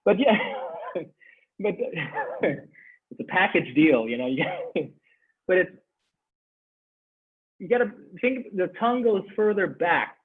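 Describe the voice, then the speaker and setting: A man teaching a Sanskrit class online, animated, repeating phrases and laughing as he explains. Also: high-pitched, slow pace, long pauses. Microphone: video call. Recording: tinny video-call audio.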